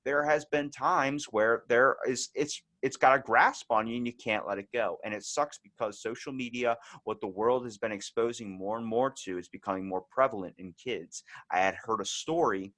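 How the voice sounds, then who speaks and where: A man's voice: medium pitch, normal speed, hardly any pauses, a bit bright. A young man hosting a podcast, telling candid stories in a rambling, casual way with lots of filler words. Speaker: podcast host.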